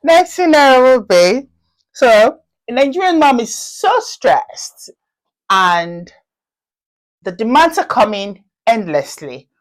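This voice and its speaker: A woman's voice: on the high side, big pitch swings, slow. A woman hosting a casual chat show, quizzing her guest playfully and signing off to viewers. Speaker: host.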